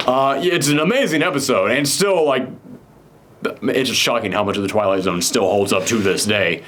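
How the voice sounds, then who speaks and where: A man's voice: on the low side, a bit bright, a little hiss or hum. A man casually recapping a TV episode with a co-host, rambling with many fillers. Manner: rambling, filler-heavy, quick mock voices for characters. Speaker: podcast co-host.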